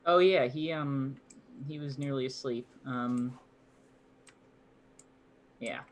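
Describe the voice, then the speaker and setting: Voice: medium pitch, slow, a little hiss or hum. A player in a tabletop role-playing game, talking playfully in and out of character. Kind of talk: tabletop role-play chat.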